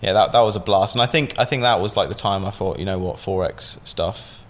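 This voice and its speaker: Speaking a little fast in a low-side voice, this Southampton man spins a lengthy tale as a podcast guest. His delivery is loose and meandering, full of filler words and profanity.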